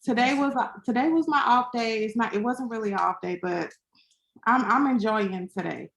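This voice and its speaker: A woman guest on a casual podcast call, answering in a relaxed, easygoing way through her laptop microphone. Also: a little high, normal speed, gravelly. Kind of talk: casual interview chat. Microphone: laptop microphone on a video call. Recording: echoey laptop audio over a call.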